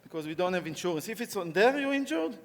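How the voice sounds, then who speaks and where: A man with a sore throat gives a live conference talk, playfully coaching volunteers on stage in an animated way. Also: high-pitched, fast talker. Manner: playful, animated, coaxing the audience. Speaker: conference speaker. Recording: long hall reverb, faint crowd noise.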